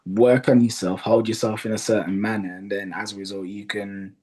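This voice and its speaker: A man guesting as a dating coach on a podcast, calmly explaining his view with examples. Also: lowish voice, slightly rough. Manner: measured, explains by example with acted quotes. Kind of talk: casual podcast conversation.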